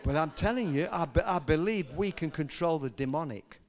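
An older man preaching a sermon, telling stories and rising to loud, emphatic peaks. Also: fairly high pitch, animated, normal speed. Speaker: pastor.

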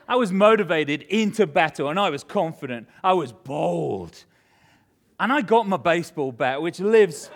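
A man preaching a sermon, reading scripture and telling a self-mocking story with animated humor. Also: on the high side, normal speed. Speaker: pastor.

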